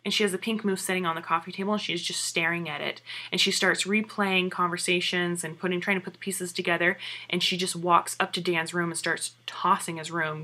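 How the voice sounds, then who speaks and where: A woman giving a chatty, excited recap of a TV episode and asking her viewers questions. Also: fairly low pitch.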